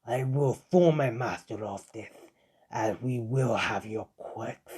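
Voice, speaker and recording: A young man voicing a whiny young male villain who throws a screeching tantrum and later mutters low threats. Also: slow, darkish tone, husky. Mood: low menacing.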